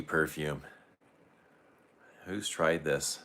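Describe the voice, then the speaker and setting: A man with a low, forceful, bright voice hosts an early-morning livestream. He chats easily and greets viewers one by one as he reads their comments. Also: a little slow, long pauses. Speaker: perfume livestream host. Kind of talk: casual livestream chat with viewers.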